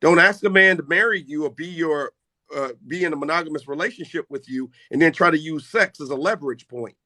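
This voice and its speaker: Brash high-voiced man hosting a chat. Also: a little fast, bright, forceful tone, no echo. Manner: brash, boastful trash talk. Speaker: live stream host. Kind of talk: casual live chat with callers.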